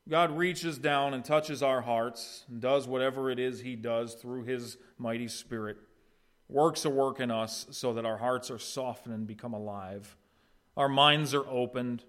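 A male pastor delivering a sermon, his voice at a middle pitch. He swings often between hushed, low stretches and loud, raised ones, acting out the voices he quotes. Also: fairly even intonation, a little slow. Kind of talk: expository sermon.

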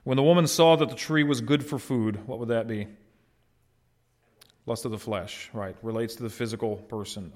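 A man's voice: mid-range voice, fairly even intonation, normal speed, darkish tone. A man preaching a sermon as pastor, in a conversational way, putting questions to his congregation and answering them himself.

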